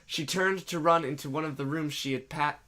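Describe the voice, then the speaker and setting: A man's voice: on the high side, a little fast, sharp tone. A man reading fanfiction aloud dramatically, breaking off for jokes and swearing. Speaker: reader and co-host.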